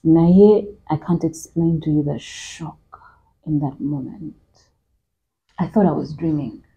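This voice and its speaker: A Ugandan woman speaks as an interview guest, telling a personal story in a very low, mellow voice. She moves easily between Luganda and English and keeps a conversational tone. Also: takes it slowly, low-quality recording.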